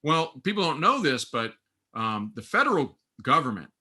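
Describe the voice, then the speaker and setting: A man guesting on a podcast, telling stories in a lively way and acting out the voices of the people in them. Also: normal speed, husky. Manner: lively, acts out quoted voices with big pitch swings. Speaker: guest, runs a training school. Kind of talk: animated podcast storytelling.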